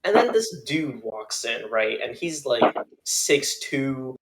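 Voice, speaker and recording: A man's voice: medium pitch, slow pace, a bit bright, a little hiss or hum. A young man, a podcast co-host, tells a funny story in casual chat, laughing often and acting out the people he quotes.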